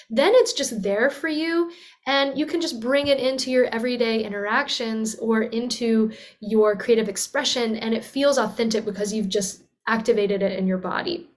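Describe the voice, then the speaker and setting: Earnest woman voice teacher, fairly high. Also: moderate pace. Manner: warm, earnest, breaks into sung and sighed demonstration sounds. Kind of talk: teaching talk with vocal demonstrations.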